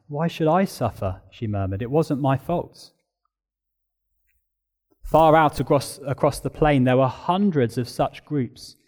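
A man preaching a sermon, speaking earnestly, building to emphatic peaks and dropping to a soft, low voice. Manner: reads a long passage aloud.

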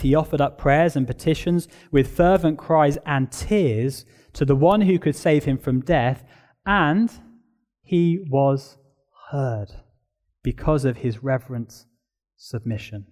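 Preaching an expository sermon, a man with a voice on the high side speaks without hurry. His delivery is emphatic, rising in intensity through repeated phrases and then falling into quiet solemnity.

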